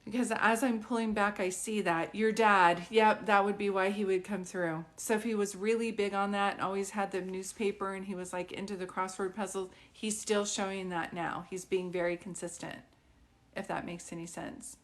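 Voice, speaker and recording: A woman's voice: mid-range voice, flat delivery, moderate pace. A woman working as a psychic medium, giving a live reading in a rambling, conversational way, full of fillers and often checking whether her words make sense. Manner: keeps checking if it makes sense; earnest, pleading tone.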